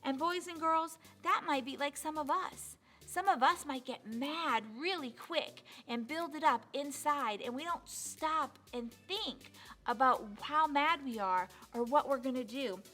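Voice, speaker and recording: A woman's voice: high voice, a little slow, faint music behind. A woman telling a moral story to children at church, talking to them directly and animatedly. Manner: animated, addresses kids directly.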